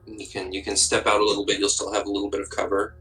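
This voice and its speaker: A man guides players through a tabletop game as dungeon master. His voice sits a bit low, and he talks in a relaxed way that keeps doubling back on itself mid-sentence. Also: fast talker, rough recording. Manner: relaxed, restarts sentences often.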